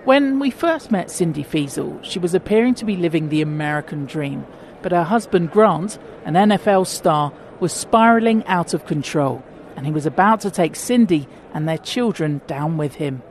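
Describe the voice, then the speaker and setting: A man reporting and narrating a sports feature with a measured, scripted delivery. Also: a little high, expressive, a little hiss or hum.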